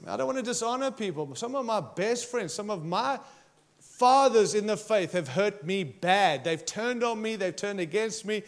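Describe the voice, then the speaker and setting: Pastor, male, preaching an emphatic, passionate sermon in a slightly higher voice. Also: animated, normal speed. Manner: impassioned, emphatic preaching with direct challenges to listeners.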